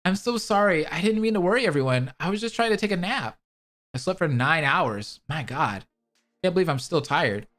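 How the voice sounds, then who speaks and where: Man reading as a tired older woman narrator; plain, lively pitch. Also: moderate pace. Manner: plain first-person narration.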